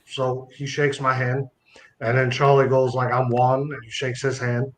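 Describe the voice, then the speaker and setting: A man's voice: medium pitch, moderate pace, a little hiss or hum, rough recording. A man telling a comic anecdote as a podcast guest, acting out the lines of the people in it. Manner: animated, acts out other people's lines.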